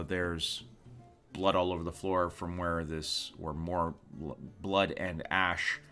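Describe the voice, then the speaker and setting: A man with a very deep, forceful voice narrates a tabletop role-playing game as game master. He talks slowly and calmly, dropping in fillers as he sets each scene. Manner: relaxed, unhurried narration with fillers.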